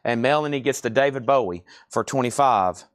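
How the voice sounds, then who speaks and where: A man hosting a live online record sale, briskly announcing items, prices and buyers in a chatty way. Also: medium pitch, dry recording, clean studio sound. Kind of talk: live online sales patter.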